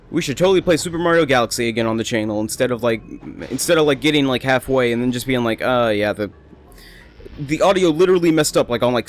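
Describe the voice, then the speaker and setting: A man's voice: mid-range voice, a little hiss or hum. Rambling young man commentating a game. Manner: rambling, chatty, self-amused. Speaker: let's play host. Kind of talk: casual gameplay commentary.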